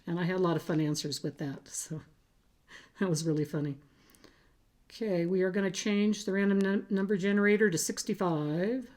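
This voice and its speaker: A woman with a low-pitched voice chats casually to her vlog viewers. She talks in a halting, unpolished way, pausing on fillers and restarting her sentences. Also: steady tone, darkish tone. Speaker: cross-stitch vlogger. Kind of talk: casual chat to camera.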